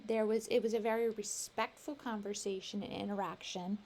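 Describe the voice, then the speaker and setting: A woman giving a measured, explanatory voice-over narration for a teacher training video. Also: mid-range voice, fairly even intonation, a little mellow, a little hiss or hum.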